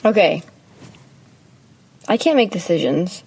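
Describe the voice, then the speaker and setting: A woman's voice: lowish voice, animated, takes it slowly, gravelly, darkish tone, slightly rough, rough recording. A young woman hosting a casual chat podcast, giggly and playful, often unsure of herself. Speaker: podcast host.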